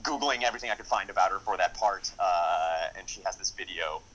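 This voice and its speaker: Man, very low voice, crisp bright tone, screenwriter in a casual interview, rambling, full of fillers, enthusiastic. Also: a little fast, poor audio. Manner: rambling, many fillers and restarts. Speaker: screenwriter and director.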